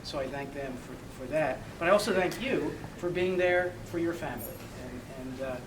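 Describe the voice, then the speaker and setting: A man, a police chief, giving halting ceremonial thanks full of fillers. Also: on the high side. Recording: roomy, distant, noisy.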